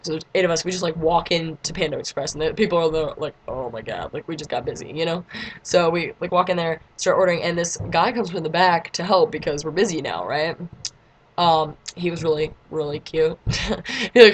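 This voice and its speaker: A woman's voice: lowish voice, slight background noise. A teenage girl vlogging a casual story, chatty and giggly, filling her talk with "like" and breaking into squeals.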